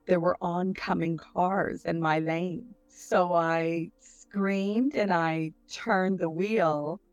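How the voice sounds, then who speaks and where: Woman, middle-aged, low voice, dry close sound, earnest testimony. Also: no echo. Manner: slow, reflective, earnest. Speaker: interviewee telling her near-death experience. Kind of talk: personal testimony, storytelling.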